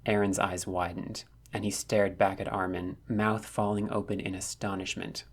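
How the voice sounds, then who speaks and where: A man narrating a fan fiction story with steady storytelling. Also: deep voice, normal speed, breathy edge.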